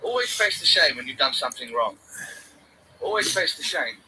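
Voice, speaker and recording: A man vlogging in a rambling, excitable, sing-song way, repeating his phrases over and over. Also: medium pitch, moderate pace, slight background noise, low-quality recording. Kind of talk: rambling self-filmed vlog.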